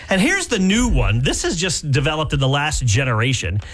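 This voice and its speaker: A man's voice: fairly high pitch, wildly swooping pitch, fairly quick, fairly bright tone. A middle-aged American man co-hosting a morning radio show, chatting casually and fussing over correct pronunciation. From United States. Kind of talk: casual on-air banter.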